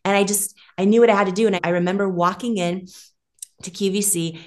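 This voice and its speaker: A middle-aged woman, a guest on an interview podcast, telling an emotional personal story in a lively way and acting out other people's lines. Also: medium pitch, brisk. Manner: animated, emotional storytelling with quoted voices.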